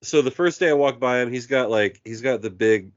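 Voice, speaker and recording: A man with a mid-range voice speaks fairly quickly, the recording muffled. He co-hosts a podcast, and in casual chat he tells a story, animatedly acting out the people he quotes.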